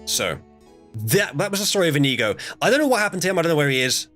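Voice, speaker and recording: Rambling male stream host, lively pitch. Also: quick pace, faint music behind. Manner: rambling, hesitant storytelling with many fillers. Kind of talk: casual stream chat.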